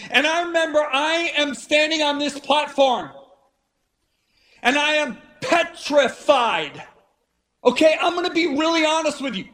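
A man with a very high speaking voice delivers a sermon as a dramatic story. He acts out the people he quotes. His delivery swings from hushed to shouted. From Italian-American. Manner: shifts between hushed and shouted. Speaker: preacher.

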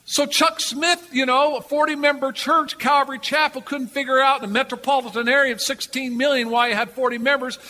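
An older male preacher telling stories from the pulpit, animated and doubling back on his words for emphasis. His voice is high and bright, with a sharp edge. It rings through a large reverberant church hall over a faint murmur of ambience. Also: brisk, few pauses, a little hiss or hum. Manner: animated, repeats himself for emphasis. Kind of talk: storytelling sermon.

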